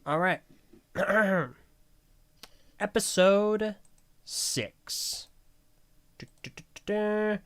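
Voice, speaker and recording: A man's voice: fairly high pitch, normal speed, a bit bright, clear, resonant tone. A man hosting a podcast, who recaps a cartoon episode in a jokey, sarcastic way. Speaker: podcast host.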